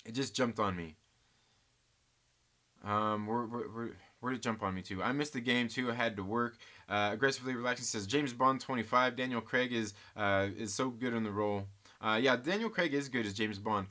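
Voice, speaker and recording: A man with a bright, forceful voice at a middle pitch hosts a casual live stream. He reads viewer comments aloud and rambles through his thoughts, often restarting his sentences. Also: moderate pace. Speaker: host of a live movie chat stream.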